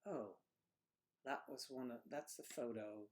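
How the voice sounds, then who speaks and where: A man's voice: medium pitch, unhurried. A man hosts a casual livestream and rambles from one joke to the next. His manner is playful and loose, like someone chatting off the cuff with viewers. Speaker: livestream host.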